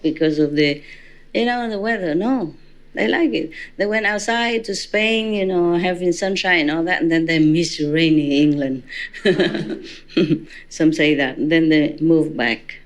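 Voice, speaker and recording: A woman's voice: on the low side, measured pace. A woman spiritual teacher giving an informal dharma talk to a gathering, chatty and teasing, laughing often.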